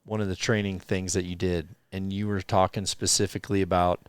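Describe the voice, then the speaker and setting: A man's voice: low voice, little pitch movement, a little fast, smooth, dry recording. A man talking in a casual podcast conversation, rambling and restarting his sentences as he searches for words. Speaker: podcast guest, archer and bowhunter.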